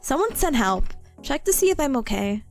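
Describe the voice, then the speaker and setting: Young female streamer, very lively high voice, giggly and stammering, casual chat over soft background music. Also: moderate pace. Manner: bubbly, giggly, stammering, squeals with excitement.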